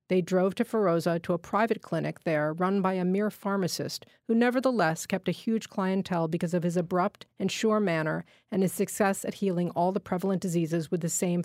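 A woman reading a literary short story aloud in a measured, steady way. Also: fairly low pitch, no room sound, clean studio sound. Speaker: fiction reader.

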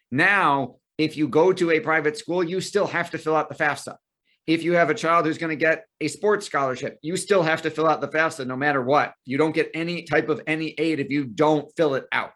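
Brisk, higher-voiced man explaining financial aid. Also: a bit bright. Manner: explanatory, brisk, tells client stories. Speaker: guest, financial aid planner. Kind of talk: interview answers.

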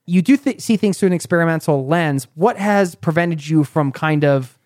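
A man's voice: on the high side, normal speed, a little mellow, no echo, studio quality. A young man hosting an interview, chatty and probing with light jokes. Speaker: podcast host. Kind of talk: conversational interview.

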